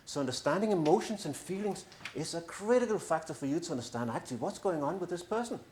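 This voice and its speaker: Speaking as a coach before an audience in a large, reverberant room, a middle-aged man uses a slightly high, slightly mellow voice. His intonation is lively and his pace quick, and he mixes earnest persuasion with gentle humor at his own expense.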